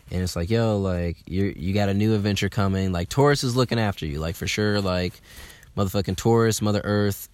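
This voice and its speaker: A young man from telling a casual, animated story, swearing freely and using lots of fillers. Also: low voice, clean tone. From Atlanta, USA. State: slightly hungover.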